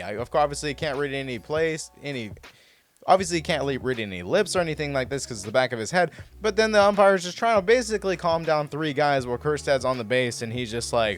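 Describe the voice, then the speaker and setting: Excitable man with a lively, bouncing voice. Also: a little high, a little fast, faint music behind. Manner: excitable, rambling, frequent "like" and restarts. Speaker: host breaking down baseball clips. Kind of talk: casual commentary over replay footage.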